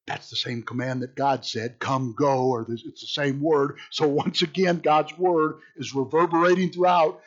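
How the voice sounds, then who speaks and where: Animated, joking male Bible teacher with a somewhat high voice, repeats himself mid-thought, muffled lo-fi sound. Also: normal speed, hardly any pauses. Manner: animated, jokey, repeats words while thinking. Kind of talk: informal Bible study teaching.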